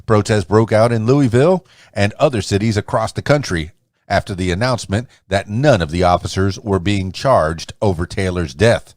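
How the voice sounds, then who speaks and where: A man's voice: lowish voice, lively intonation, normal speed, dry recording, studio quality. A man hosting a podcast, reading a numbered news roundup aloud with frequent stumbles and restarts. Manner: reads headlines aloud with frequent slips and restarts.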